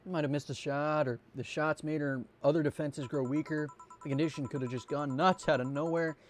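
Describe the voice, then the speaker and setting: A streamer reading game dialogue aloud, stumbling and restarting now and then. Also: male voice, a little high, fairly even intonation, a little fast, soft background music.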